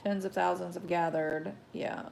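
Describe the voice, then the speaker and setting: A woman hosting a casual live news show, reading headlines haltingly with many ums, chatting to viewers and getting heated about the news. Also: lowish voice, steady tone, creaky, darkish tone, a little hiss or hum. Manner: reads haltingly with many ums, greets chat viewers, gets heated and worked up. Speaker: host.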